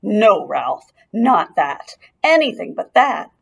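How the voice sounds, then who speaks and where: A woman's voice: mid-range voice, very animated, slow pace, vocal fry, husky, exaggerated voice. A woman voicing an anxious mother mouse who pleads and cries out in alarm, reading a storybook aloud. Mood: pleading, alarmed.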